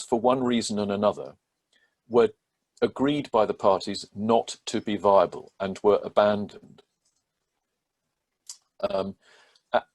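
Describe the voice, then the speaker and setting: A man with a low, husky voice walks through a court ruling step by step. He speaks as a barrister would, measured and methodical, pausing often on ums and restarts. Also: a little mellow. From England. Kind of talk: legal explainer talk.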